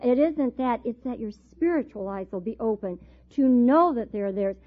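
A middle-aged woman with a fairly high voice teaching a Bible class. She tells her stories in an animated way and laughs often. The recording is thin and tinny, like a phone line. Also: moderate pace. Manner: animated storyteller, laughs often while telling.

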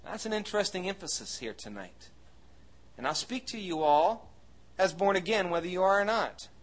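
In a church hall, a pastor preaches to his congregation in a folksy, conversational style full of fillers and asides. His voice is high-pitched and expressive, at a normal speed.

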